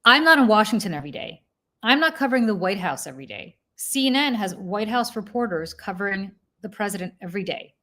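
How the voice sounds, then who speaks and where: A woman's voice: medium pitch, animated, a little fast, fairly bright tone. A woman co-hosting a live political talk show, making pointed arguments.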